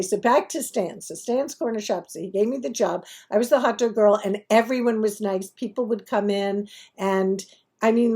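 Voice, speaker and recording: New york lady vlogging from home, warm raspy voice, rambly and jokey about herself. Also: mid-range voice. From Brooklyn, New York. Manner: chatty, digressive, self-mocking asides. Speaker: YouTube host. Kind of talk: casual storytelling to camera.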